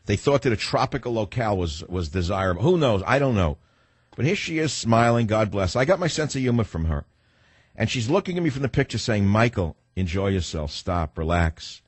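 A man's voice: sits low, slightly rough, no echo. An older man in his sixties hosting a talk radio show, delivering a combative, ranting monologue that turns reflective at times. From United States.

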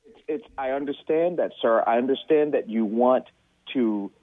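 A man's voice: mid-range voice, moderate pace, no room sound. A man calling in to a radio show, earnest and pleading, stumbling over his words. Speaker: caller. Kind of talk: call-in radio plea. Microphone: telephone. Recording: tinny phone line.

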